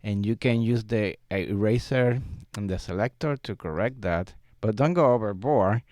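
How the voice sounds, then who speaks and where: A man teaching a music software tutorial, explaining step by step in a relaxed way and laughing often. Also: lowish voice, moderate pace, dry recording, studio quality. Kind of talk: screen-recorded software tutorial. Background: vocal track playback.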